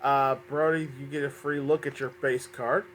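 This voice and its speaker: A man's voice: medium pitch, flat delivery, moderate pace, a loud crowd. A man hosting a fan-made game show, upbeat but often stumbling and correcting himself, a little under the weather.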